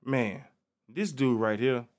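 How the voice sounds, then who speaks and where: A man's voice: medium pitch, slow, soft background music. A man hosting a casual solo podcast, talking in a laid-back, slangy way and peppering his talk with "man". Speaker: podcast host.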